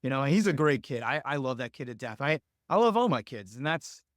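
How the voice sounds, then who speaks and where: On a podcast, a young adult man who coaches lacrosse tells coaching stories in casual, earnest talk that rambles with plenty of fillers. His medium-pitched voice is sing-song and a little fast, captured in dry, studio-quality sound with no room noise.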